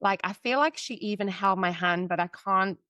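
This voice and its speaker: Woman, 30s, podcast guest; smooth, clear voice, candid and chatty storytelling. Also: mid-range voice, normal speed, bright, forceful tone, dry recording, clean studio sound. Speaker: guest, psychic medium and mentor. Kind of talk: personal storytelling in a podcast interview.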